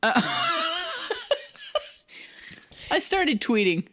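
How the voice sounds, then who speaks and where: A woman co-hosting a casual podcast, chatty and wry. She swears now and then and fills her talk with "like" and "um." Her pitch rises and falls in a lively way. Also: drawn-out words, noisy background. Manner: chatty, wry and profane, with frequent filler words. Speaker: podcast co-host. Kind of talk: casual chat.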